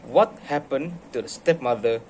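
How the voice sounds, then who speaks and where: A man's voice: medium pitch, slight background noise. A man acting as a teacher, asking questions, praising answers and reading a story aloud in an encouraging way. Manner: slow, encouraging, animated reading. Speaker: teacher in a classroom role-play.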